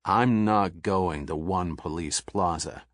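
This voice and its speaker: A man voicing an angry, blustering rich man who snarls threats and insults in a low, gruff voice. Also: takes it slowly, dry recording, clean studio sound.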